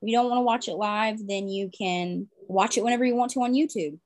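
A woman's voice: mid-range voice, fast, darkish tone, no echo. Woman, Southern accent, podcast host, chatty, stumbling over words, dry close sound. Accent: American Southern. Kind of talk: casual podcast interview.

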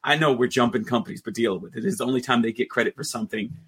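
A man hosting a podcast in casual chat, relaxed and rambling with light jokes. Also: medium pitch, very fast, slightly rough. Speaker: podcast host.

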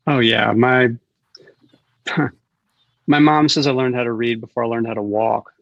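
A middle-aged man with a gravelly voice, an author guest, chats freely in an interview. His voice is dry and close on a dull, lo-fi line. He laughs often and tells stories with quick asides. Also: mid-range voice, fairly even intonation, fairly bright tone, dry recording. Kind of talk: casual interview chat. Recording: dull lo-fi call audio.

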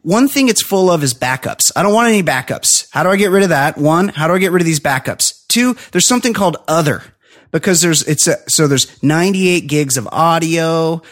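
A man's voice: on the high side, a bit bright. A man hosting a podcast, chatting casually in long, rambling, profane rants. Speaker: podcast host.

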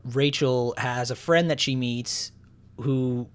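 Man, podcast co-host, loose rambling recap, mid-pitched everyday voice. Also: fairly even intonation, slow, clean tone. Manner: rambling, full of fillers and restarts. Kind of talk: casual chat.

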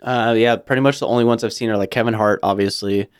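A young man co-hosting a casual podcast, trading quick teasing banter and laughing often. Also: lowish voice, steady tone, smooth, no echo, clean studio sound. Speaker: podcast co-host. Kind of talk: casual chat.

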